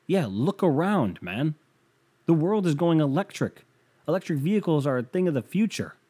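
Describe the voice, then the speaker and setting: Mellow and mid-range with a breathy edge, this young male podcast host riffs his way through a loose comedic monologue. He rambles wryly and leans on plenty of fillers.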